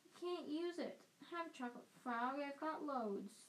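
A woman's voice: sits high, lively intonation, a little slow, fairly bright tone, pitched above the performer's own voice, low-quality recording. A woman voicing an earnest, brave young boy wizard who speaks urgently and insistently.

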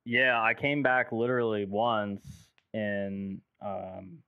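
A man's voice: fairly low pitch, fairly even intonation, slow pace, vocal fry, clean tone, no echo. A man from the United States, a guest producer in casual podcast chat, telling stories loosely with lots of "like" and casual swearing. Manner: loose storytelling, heavy filler "like", swears casually. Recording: dull lo-fi dry sound.

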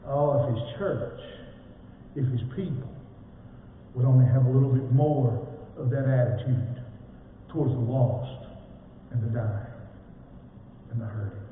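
A pastor preaching in a big echoing church hall, heard from across the room. The sound is thin and phone-like, with faint ambience behind him. He tells folksy stories, rising loud and falling to a hush. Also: mid-range voice, steady tone, unhurried, long pauses, slight background noise. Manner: folksy storytelling, swelling then dropping to a hush. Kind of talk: sermon. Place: church sanctuary. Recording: echoey hall from far off, tinny phone-like sound.

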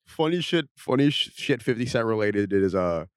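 A young man in casual chat, telling rambling stories and slipping into quick impressions. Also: on the low side, lively intonation, clear, resonant tone, dry recording, clean studio sound.

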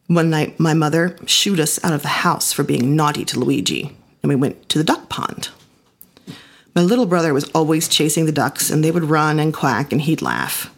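A woman's voice: low-pitched, moderate pace, gravelly. A woman giving a reflective first-person storytelling performance with an intimate, personal delivery.

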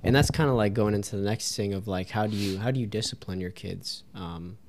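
A young man hosting a podcast interview, speaking softly and hesitantly with many fillers. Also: on the low side, a little fast. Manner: soft, hesitant, many fillers and brief agreements. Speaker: podcast host. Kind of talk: casual interview chat.

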